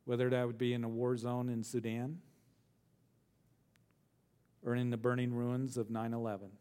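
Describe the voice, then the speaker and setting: A middle-aged male pastor teaching a verse-by-verse sermon, earnest, repeating phrases for emphasis and slowing down on key words. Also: mid-range voice, little pitch movement, warm tone, clear, resonant tone.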